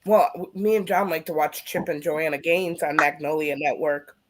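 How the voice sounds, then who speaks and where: A woman's voice: sits low, steady tone, normal speed, a little hiss or hum. A woman co-hosting a live stream of readings, reading out viewer comments in a plain way. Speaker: co-host.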